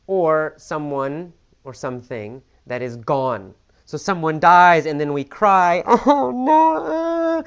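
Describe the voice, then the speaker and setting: A man teaching English vocabulary, explaining words slowly and patiently with many examples and restatements. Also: medium pitch, fairly bright tone, clean tone. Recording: slightly dull lo-fi audio.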